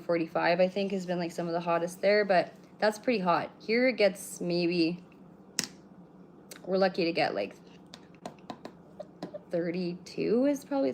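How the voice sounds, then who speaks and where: Blunt, low-voiced woman streaming. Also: slight background noise. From British Columbia, Canada. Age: 30s. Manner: rambling, blunt and swears freely while reading chat. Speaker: livestreamer. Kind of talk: casual live-stream chat.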